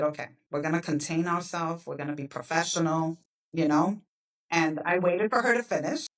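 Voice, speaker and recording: A woman's voice: on the low side, distant mic, low-quality recording. A woman guest telling a personal story with animation, acting out the dialogue.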